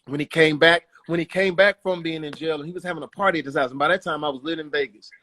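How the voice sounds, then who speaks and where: A man telling stories as a guest in a casual interview, animated and quick to slip into voices. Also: fairly high pitch. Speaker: guest, comedian and actor. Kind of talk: casual storytelling.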